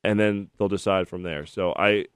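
A man's voice: sits low, moderate pace, clear, resonant tone, no room sound, clean studio sound. A man in his thirties hosting a sports call-in radio show, chatting and telling stories between callers. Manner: chatty, storytelling, animated when telling anecdotes. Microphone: studio microphone.

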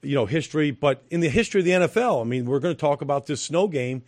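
A man's voice: on the high side, lively intonation, fast talker, a little mellow, no echo, clean studio sound. Emphatic middle-aged male football analyst. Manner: emphatic, repeats phrases, frequent fillers. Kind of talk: studio sports analysis chat. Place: studio.

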